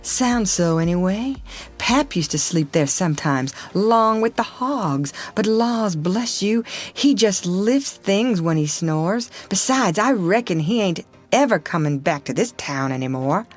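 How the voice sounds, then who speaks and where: A woman voicing a frightened, superstitious country boy who talks in a folksy drawl and pleads in hushed tones. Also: mid-range voice, lively intonation, measured pace. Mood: explaining.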